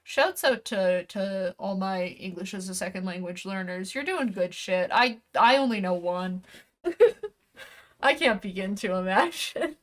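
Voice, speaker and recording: A woman's voice: mid-range voice, lively intonation, measured pace, fairly bright tone. A woman streamer chatting casually while unboxing, rambling and correcting herself, with a casual swear here and there.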